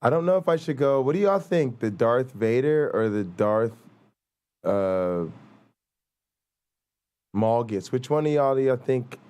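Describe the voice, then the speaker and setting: A man's voice: medium pitch, animated, unhurried, long pauses, a little mellow, smooth. A man with a New Jersey accent hosting a live stream, rambling casually and swearing as he thinks aloud. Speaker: livestream host.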